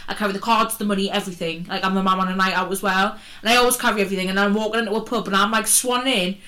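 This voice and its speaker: A woman's voice: medium pitch, fairly even intonation, very fast, bright, forceful tone. A woman in her twenties co-hosting a podcast, chatting casually with a teasing, laughing manner. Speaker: podcast co-host. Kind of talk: casual chat.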